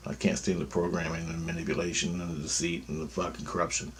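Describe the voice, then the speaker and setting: A man in his fifties with a somewhat low voice, rambling on in a loose spoken monologue. He talks bluntly and swears freely, jumping from one thought to the next. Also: flat delivery, fast talker, a little hiss or hum. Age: 50s. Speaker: vlogger.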